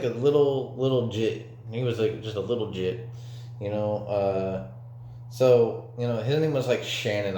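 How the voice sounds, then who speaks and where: A man's voice: lowish voice, warm tone, slight background noise. A young man telling a story from his own life in a casual, rambling way, with lots of fillers and swearing. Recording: echoey room.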